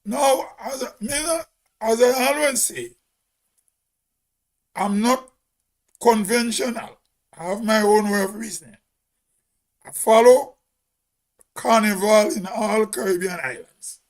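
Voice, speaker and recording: High, slow-talking Grenadian man. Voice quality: big loud voice. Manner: emphatic, argumentative, asks rhetorical questions. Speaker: host. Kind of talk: opinion monologue.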